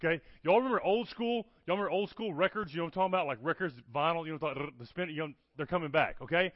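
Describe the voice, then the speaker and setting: Speaking very fast in a slightly high voice, a male guest preacher animatedly tells stories during his sermon, often checking in with "okay? all right?". The lo-fi audio is dull and dry, without echo.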